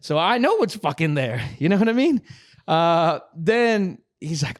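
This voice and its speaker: Animated swearing storyteller man. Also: a little high, brisk, dry recording, clean studio sound. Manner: animated, swearing, acts out dialogue. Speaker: podcast host. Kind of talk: casual storytelling.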